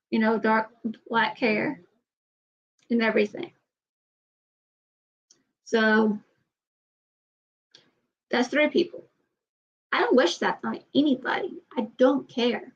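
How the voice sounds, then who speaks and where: Halting woman vlogger, higher voice. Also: creaky, highs cut off. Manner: halting, repeats and restarts, trails off. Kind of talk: casual personal talk to camera.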